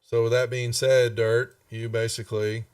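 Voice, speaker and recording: A man's voice: mid-range voice, flat delivery, moderate pace, a little mellow, clear, resonant tone. A man narrating as game master in a laid-back, rambling way with many fillers. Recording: distant mic, faint music behind.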